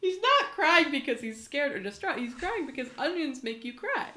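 A woman who is a guest on a comedy podcast, telling jokes in a deadpan, playful way. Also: high voice, moderate pace. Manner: deadpan, jokey storytelling. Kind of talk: casual comedy podcast chat.

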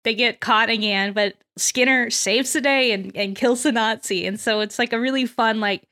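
Bright, animated woman podcast host. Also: fairly high pitch, moderate pace. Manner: animated, laughs often, acts out quotes. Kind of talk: casual chat.

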